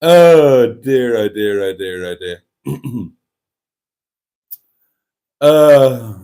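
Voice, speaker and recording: A livestream host who has had some wine laughs, chats casually and reads viewer comments out loud. He has a medium, dark-toned voice with lively intonation and drawn-out words.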